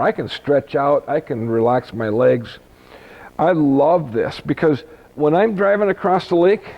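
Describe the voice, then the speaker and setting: A man's voice: mid-range voice, lo-fi sound. A man, a boat salesman, walking through a boat's features in a chatty, folksy way, joking as he goes. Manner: chatty, folksy, jokes and laughs easily. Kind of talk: product walkthrough. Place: boat dealership.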